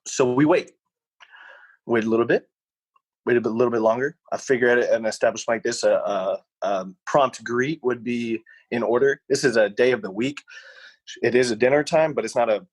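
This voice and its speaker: A man's voice: medium pitch, normal speed, dry recording, poor audio. Man rambling through a story. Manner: rambling, animated anecdote with voiced quotes. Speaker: podcast co-host. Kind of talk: casual storytelling.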